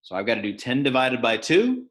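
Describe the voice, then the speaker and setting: A male math teacher teaching an online class, dropping his voice low and then bursting out loud to wake students up, on a computer mic. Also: big pitch swings, a little fast. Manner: shifts from hushed to sudden loud bursts. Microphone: computer mic on a video call.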